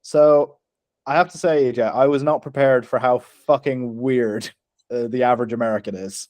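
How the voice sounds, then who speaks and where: A man's voice: medium pitch, steady tone, moderate pace, darkish tone, no room sound. A man co-hosting a podcast in a casual, chatty way. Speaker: podcast co-host. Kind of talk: casual chat.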